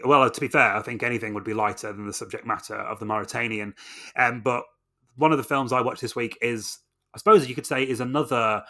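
A man's voice: mid-range voice, sharp tone. A man co-hosting a film podcast, talking with enthusiasm in a loose, rambling way full of fillers. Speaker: podcast co-host. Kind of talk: casual film review chat.

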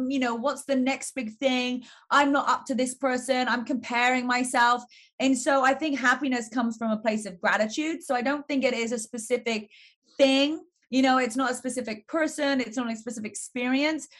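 An upbeat English woman speaks as a guest in a casual interview. Her voice sits a little higher than most women's, and she talks freely, sprinkling "like" through her answers. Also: steady tone, moderate pace, fairly bright tone. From England. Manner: upbeat, heavy use of "like". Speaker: guest, fitness entrepreneur.

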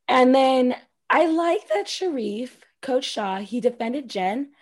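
A woman's voice: sits high, slow. A woman co-hosting a podcast, chatting casually and bluntly with lots of swearing while recapping a reality show. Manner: blunt, profane, animated retellings. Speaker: podcast co-host.

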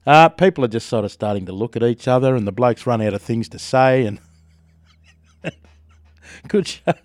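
An Australian man hosts breakfast radio with a sore throat, chatty and laughing as he goes. His voice sits at an ordinary middle pitch. The studio sound is close and dry. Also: fairly quick, dry recording. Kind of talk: casual radio chat and news reading.

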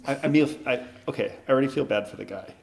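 Podcast co-host guy, gravelly voice, jumps in w quick questions and jokes. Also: mid-range voice, darkish tone. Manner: interjecting with short questions and jokes. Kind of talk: casual chat.

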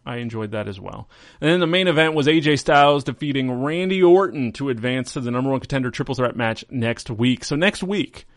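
A man's voice: mid-range voice, vocal fry, no room sound, studio quality. A man hosting a podcast, chatting casually through a recap in a rambling, amused way and correcting himself as he goes. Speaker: podcast host. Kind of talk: casual wrestling recap chat.

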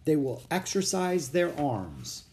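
Male reader doing a young Pilgrim woman: formal, old-fashioned speech, a touch high, lilting. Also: very animated, slow pace, a little mellow, exaggerated voice. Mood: polite.

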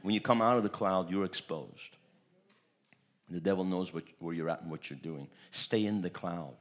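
A man from Turkey delivers a church sermon in a somewhat low voice. He tells personal stories with animated energy, often repeating words as he goes. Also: normal speed. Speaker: pastor.

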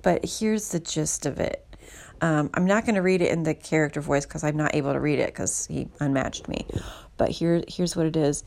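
Low, gravelly-voiced woman rambling candidly. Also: moderate pace, darkish tone, a little hiss or hum. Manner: candid, rambling, self-deprecating. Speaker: podcast host. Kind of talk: casual podcast monologue.

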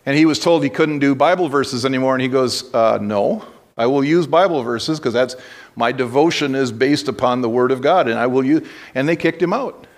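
A man's voice: medium pitch, normal speed. A man preaching a sermon as pastor, telling stories conversationally and breaking into blunt exhortations, with frequent restarts.

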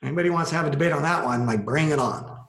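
Gravelly man telling stories in an echoey room. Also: on the high side, very fast. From Los Angeles. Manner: animated storyteller, acts out quoted speech. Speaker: podcast guest. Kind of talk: conversational storytelling.

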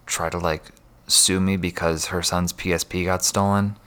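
A man's voice: deep voice, normal speed, clean tone. A young man casually telling stories from his past jobs, acting out the people he quotes. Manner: animated storyteller, acts out quoted voices. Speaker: guest. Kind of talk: casual storytelling chat.

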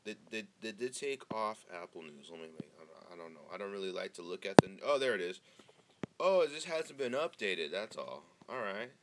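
Over a noisy background, a young Northern California man hosts his podcast solo, his fairly low voice moving a little fast with big pitch swings. He stays close to the microphone, rambling and cursing in a relaxed monologue loaded with fillers.

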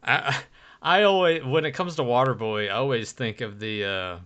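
A man's voice: mid-range voice, normal speed, sharp tone, clear, resonant tone. A man in a casual podcast chat, jokey, often slipping into goofy quoted voices.

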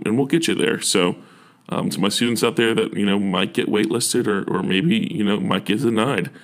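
A young man with a low voice and vocal fry works as a university admissions officer. In a casual talk, he offers earnest, encouraging advice, with frequent fillers and restarts.

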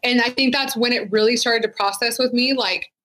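Bright-voiced woman in a frank interview. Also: a little high, steady tone, fairly quick, poor audio. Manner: frank, conversational, with many "like" fillers. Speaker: retired sheriff's deputy, guest. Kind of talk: candid interview conversation.

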